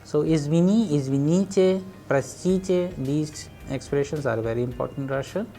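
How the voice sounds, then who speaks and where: A man teaching Russian in a recorded lecture, explaining and translating phrases one by one in a slow, hesitant way. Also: fairly high pitch, gravelly, dark tone.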